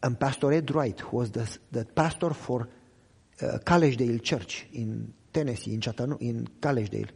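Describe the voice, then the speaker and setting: A young man who speaks English as a second language, preaching an emotional sermon testimony and swinging from loud cries to hushed low lines. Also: a little fast, vocal fry, husky. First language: not English. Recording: echoey hall reverb.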